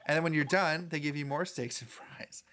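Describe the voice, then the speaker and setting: A man's voice: a little high, a little fast, sharp tone, slight background noise. A man, a priest hosting a podcast, chatting casually and telling anecdotes full of filler words. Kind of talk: casual conversational chat.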